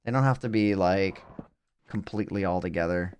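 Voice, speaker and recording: A man's voice: deep voice, normal speed, darkish tone, slight background noise. A young adult man streaming a game live, thinking aloud in a rambling way with self-mocking asides.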